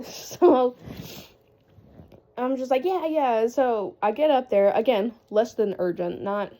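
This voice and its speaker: A woman's voice: on the high side, moderate pace, dark tone. A young woman casually telling a story in a rambling vlog style, with lots of fillers and laughs. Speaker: vlogger.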